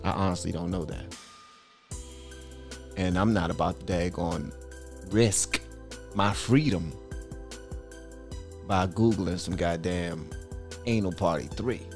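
A man hosting a reaction video, talking in an animated, swearing, exclaiming way. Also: low voice, slow pace, pauses often, soft background music. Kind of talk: casual reaction commentary.

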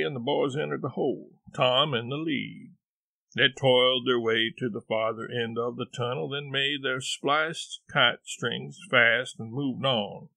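Male audiobook narrator, unhurried, measured; crisp tone, dry close mic. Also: mid-range voice, bright, forceful tone, no room sound. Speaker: audiobook reader. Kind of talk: scripted narration.

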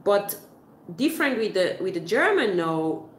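This Swiss woman hosts a relaxed livestream, working through chat comments and giving long explanations peppered with fillers and false starts. Her medium-pitched voice moves at a measured pace with big swings in pitch, set against reverb and slight background noise.

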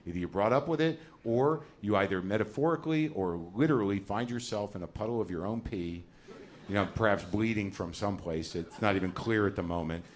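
A middle-aged American man doing a ranting, sardonic stand-up set into a handheld mic on a theater stage. His voice sits fairly low, and the live recording carries clear noise under it along with audience laughter. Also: fairly quick. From United States. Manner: ranting, sardonic, acts out characters in shrill high voices. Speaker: stand-up comedian.

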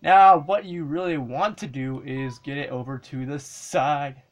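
A woman giving casual commentary while playing an old handheld game, excitable and swearing and yelling at the screen. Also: sits low, unhurried. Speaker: let's play gamer.

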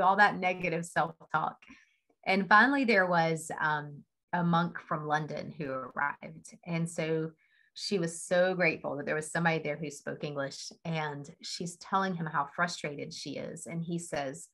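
A woman's voice: low-pitched, moderate pace, a bit bright, poor audio. A woman speaking on a team video call, telling a story in a chatty way and laughing often. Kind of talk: casual motivational talk.

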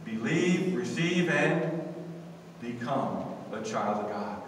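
A man's voice: mid-range voice, animated, slow pace, a little hiss or hum. A man preaching a sermon as pastor, emphatic with call-and-response, recorded from a distance in a church sanctuary. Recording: echoey hall from far off.

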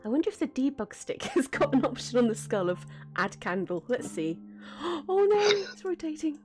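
A woman streamer talks over her game, high-pitched and wildly lively, swinging up and down as she chats. She giggles often and gasps when something surprises her. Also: normal speed, loud music behind the voice. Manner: giggly, excitable, gasping. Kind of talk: casual game stream chat.

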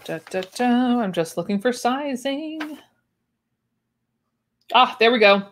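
A woman's voice: on the high side, expressive, takes it slowly, slight background noise. A young woman chatting casually on a livestream, with wry asides and easy laughs. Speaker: livestream host unboxing sewing patterns. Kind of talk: casual chat.

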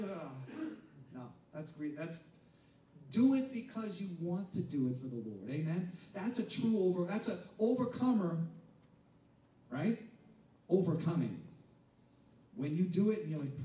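A man preaching a sermon as pastor, chatting with the congregation and acting out doubters' voices, then rising to shouted emphasis. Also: high-pitched, very animated, a little slow, pauses often, a little hiss or hum. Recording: echoey room picked up from a distance, faint ambience.

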